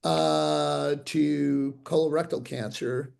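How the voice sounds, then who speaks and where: An older dentist with a gravelly, slightly high-set voice talks through a video call. He tells his stories animatedly and restarts sentences often. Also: slow. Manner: animated, acts out quoted voices, frequent restarts. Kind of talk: interview storytelling.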